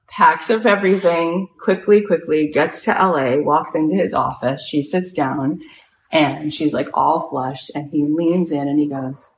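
A woman podcast host tells a story with energy, acting out the people in it and saying "like" a lot. Her voice sits low with fairly even intonation and an unhurried pace, and there's slight background noise.

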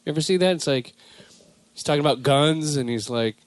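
A man's voice: a little high, fairly quick, no room sound. A young man from Southern California hosting a casual comedy podcast, rambling and slipping into silly impressions. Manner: rambling, animated, slips into silly put-on voices. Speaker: podcast host.

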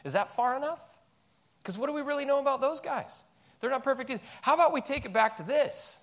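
A male pastor delivers a sermon in a church. His voice sits high and swings widely in pitch. He preaches with emphasis and throws out rhetorical questions. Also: expressive, fast talker, fairly bright tone.

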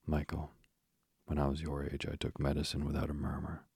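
A man's voice: extremely low pitch, monotone, brisk, creaky, darkish tone, slightly rough, no echo, studio quality, heavily acted. A man reading aloud, voicing a proud, pompous middle-aged father who blusters and pities himself. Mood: blustering. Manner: blustering, self-pitying.

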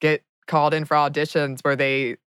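A woman's voice: low voice, flat delivery, normal speed, clean tone, no room sound, studio quality. A woman co-hosting a podcast, chatting in an enthusiastic, playful way. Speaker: podcast co-host and voice actor. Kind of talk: casual podcast chat.

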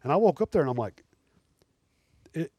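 A man's voice: fairly high pitch, very fast, slightly rough, no echo. Man telling hunting stories. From Alabama. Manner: animated, rambling hunting yarns. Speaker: guest taxidermist. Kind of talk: casual storytelling in a podcast interview.

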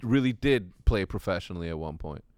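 A man's voice: sits low, fairly quick, smooth, dry recording. A man on a podcast, a former pro gamer, telling a story with lots of swearing and acted-out quotes in casual chat. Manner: profane, animated retelling with acted quotes.

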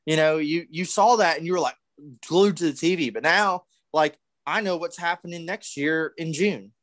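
A young man co-hosting a casual podcast chat, telling stories excitedly with loud acted-out yells and plenty of swearing. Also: on the high side, normal speed, no echo. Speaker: podcast co-host.

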